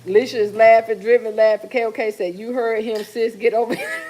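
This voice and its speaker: Casual kitchen livestream: a woman host with a somewhat high voice chats and teases viewers while she cooks. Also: fairly even intonation, brisk, a little mellow. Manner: chatty, teasing, reads viewer comments aloud. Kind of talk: casual chat with live viewers. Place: home kitchen while cooking.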